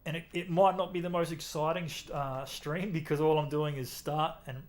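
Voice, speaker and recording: A young Australian man with an Australian accent, chatting casually with his stream chat while playing a racing game, relaxed and talkative. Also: a little high, moderate pace.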